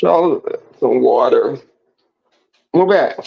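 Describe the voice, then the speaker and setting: A man hosts a casual livestream chat from home, telling viewers campy, profane stories in an animated way. His mid-range voice is extremely slow, with vocal fry and a slight roughness. The recording is dry, with a dull lo-fi sound.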